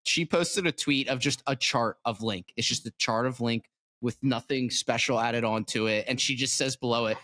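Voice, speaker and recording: A man at mid pitch hosting a casual podcast, talking loosely and swearing freely. He jokes around with his co-hosts in easy, unscripted banter. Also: normal speed, sharp tone. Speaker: podcast host.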